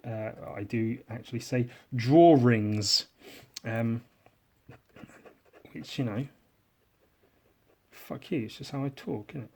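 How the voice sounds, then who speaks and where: A man with an English accent, hosting a drawing podcast in casual, rambling chat, sarcastic and self-mocking, often trailing off quietly. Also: mid-range voice, slow, pauses often, husky.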